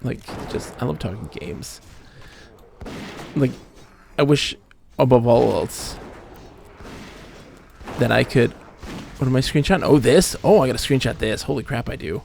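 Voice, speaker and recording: A man streaming a game, rambling and poking fun at himself in lively, up-and-down speech. His voice has a gravelly edge, with a faint hiss behind it. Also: medium pitch, measured pace, pauses often. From Michigan, USA. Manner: rambling, animated, self-deprecating. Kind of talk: casual livestream chat while gaming.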